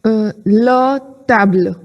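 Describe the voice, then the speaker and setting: A woman's voice: fairly high pitch, slow, muffled recording. A woman student who hesitantly repeats French words after her teacher.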